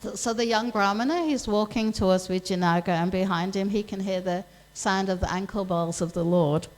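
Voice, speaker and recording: A woman's voice: mid-range voice, normal speed, low-quality recording. A woman giving a scripture class in a temple, retelling a story casually and speaking each character's lines in her own voice. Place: temple hall.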